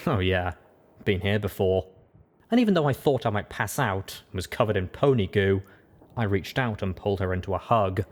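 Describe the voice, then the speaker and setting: Low-voiced male audiobook narrator. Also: expressive, normal speed. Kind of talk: first-person story narration.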